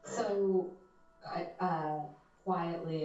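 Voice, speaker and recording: A man's voice: mid-range voice, fairly even intonation, moderate pace, soft background music. A man playing in a tabletop game, talking loosely and hesitantly with fillers as he plans. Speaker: player. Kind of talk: casual tabletop play. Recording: distant, dull, very echoey mic.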